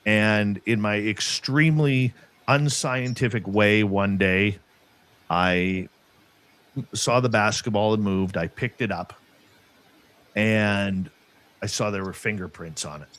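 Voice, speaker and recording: A man's voice: lowish voice, slow, long pauses. A middle-aged man casually telling a story about an encounter, acting out the voices of the people in it. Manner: animated, acts out quoted voices.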